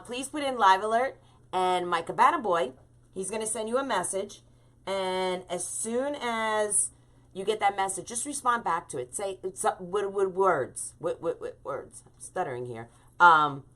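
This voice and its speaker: A woman's voice: medium pitch, lively intonation, moderate pace, fairly bright tone. A talkative woman hosting a live-stream wreath-making tutorial, chatting with viewers and greeting them by name.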